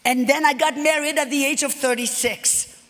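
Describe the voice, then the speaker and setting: A high-pitched woman delivers a sermon, retelling personal stories with animated energy and acting out the conversations. Her voice rings with long reverb in a large church hall. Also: moderate pace, background noise. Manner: animated, acts out dialogue, repeats phrases. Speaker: guest speaker.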